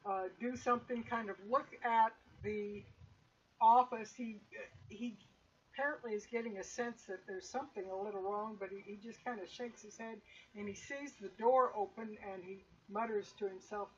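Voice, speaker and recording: A woman's voice: mid-range voice, moderate pace, breathy edge. Woman game master, lo-fi stream audio. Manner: relaxed, rambling narration with many fillers. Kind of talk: narrating a tabletop game stream. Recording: dull lo-fi stream audio with faint hiss.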